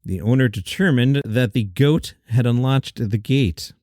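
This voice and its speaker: A man's voice: medium pitch, a little slow, a little mellow, no room sound, studio quality. A man hosting a light news round-up, chatty with joking asides. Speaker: host. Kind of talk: upbeat news round-up with jokes.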